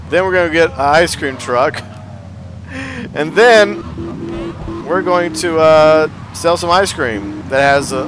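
Casting: jokey gamer guy, slightly high voice, narrating his play over loud game car noise. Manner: playful, jokey, talks to viewers. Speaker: let's play host. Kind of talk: casual gameplay commentary. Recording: game sound audible behind the voice. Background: game car and city sounds.

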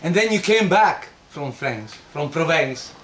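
An actor playing a medieval friar jester who mocks a warlike crowd with theatrical praise and sudden shouts. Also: male voice, fairly high pitch, animated, measured pace. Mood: rousing. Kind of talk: one-man stage performance.

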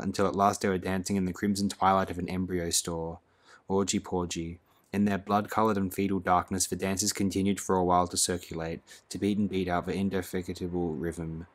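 A man narrating a novel as an audiobook, reading expressively. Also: low-pitched. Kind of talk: scripted narration.

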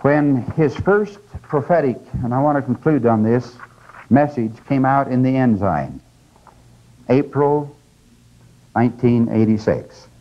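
An earnest male lecturer exhorts his listeners, his voice jumping up in pitch when he presses a point. He drops to a slow, deliberate pace to read quotations aloud. The 1980s cassette recording is dull and lo-fi, with the top end rolled off. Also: lively intonation. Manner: earnest, exhorting, with sudden rises in pitch and stress; slows down for quoted scripture and sayings. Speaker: religious lecturer. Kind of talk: recorded lecture to a live audience. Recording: dull lo-fi 1989 lecture tape.

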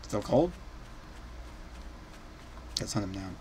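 A young man hosting a let's play, excitable, shouting and laughing as he comments on the game. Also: fairly low pitch, takes it slowly, a little hiss or hum. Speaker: gaming channel host.

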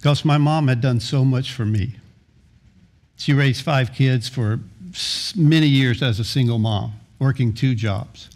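A man's voice: medium pitch, measured pace, darkish tone. A middle-aged man preaching a sermon as pastor, earnest, often repeating and restarting words.

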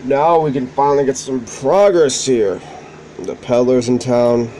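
A man gives casual, excitable commentary while he plays. He swears freely and blurts out reactions. His pitch sits in the ordinary middle range, and a faint hum plays behind him. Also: a little slow, poor audio. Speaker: gaming channel host playing the game.

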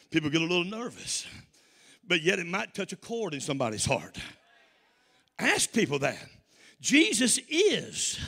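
A Southern man from the American South preaches a sermon full of call-and-response, his slightly high voice rising into shouts. A long reverb tail trails after his words.

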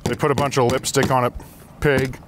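A man's voice: medium pitch, flat delivery, brisk, heavy background noise. A man hosting a casual garage vlog, chatting and laughing as he works on a car. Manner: chatty, amused, laughs while working. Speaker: garage host.

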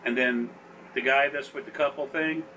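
A man's voice: mid-range voice, steady tone, normal speed, pushed and bright, recorded from a distance, slight background noise, poor audio. A man talking as a spiritual consultant in a casual, rambling, folksy way, often acting out voices in his stories.

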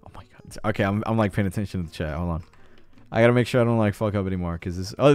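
Wired young man streaming, swinging pitch. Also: animated, fast, smooth, no room sound, faint music behind. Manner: hyped and jittery, swears a lot, cheers loudly. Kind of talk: casual live-stream chat while gaming.

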